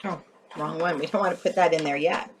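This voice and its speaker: A woman with a low, fairly even voice talks quickly as she hosts a craft tutorial, chatting away while she works. She thinks out loud and keeps correcting herself, and there's a faint hiss or hum on the recording.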